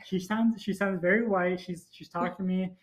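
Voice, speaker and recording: A man's voice: high voice, steady tone, moderate pace. A young adult man co-hosting a podcast in casual chat, joking and mocking himself. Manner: joking and self-mocking, drops into mock ad reads. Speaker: podcast co-host.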